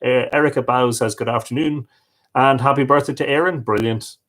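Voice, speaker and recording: A man's voice: medium pitch, steady tone, brisk, fairly bright tone. A man hosting a livestream, reading out viewers' comments and greeting each one by name. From Ireland. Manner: friendly, reads out viewer comments and answers them. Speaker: livestream host. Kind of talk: reading live chat greetings.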